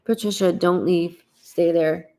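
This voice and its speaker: A gravelly-voiced woman talks to her livestream viewers as a psychic medium. She rambles chattily, greets people by name and swears lightly, recorded at home through a laptop mic. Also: on the low side, steady tone, a little slow, mellow. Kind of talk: casual livestream chat with viewers.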